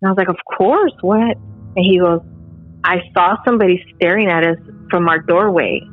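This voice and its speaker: A woman's voice: lowish voice, fairly even intonation, brisk, no room sound. A middle-aged woman, a podcast guest, telling a personal story casually and animatedly with lots of filler words. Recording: phone-like call audio with faint music.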